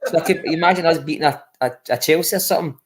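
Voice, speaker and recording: A man's voice: on the high side, very fast. A Scottish man co-hosting a football podcast, talking bluntly, repeating himself and swearing. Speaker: podcast co-host. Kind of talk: casual football podcast chat.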